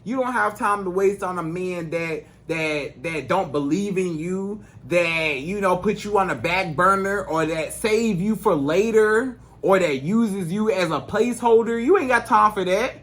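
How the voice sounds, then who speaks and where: An unhurried man with a high, slightly bright voice barely pauses as he talks. In the role of a dating coach, he gives the camera emphatic, repetitive advice in relaxed, slangy speech.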